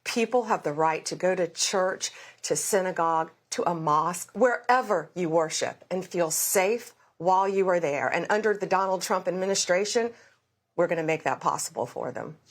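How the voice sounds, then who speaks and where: A woman's voice: fairly low pitch, normal speed. A middle-aged woman answering questions in a political news interview, telling events in vivid detail and making firm, repeated vows. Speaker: interview guest, government official.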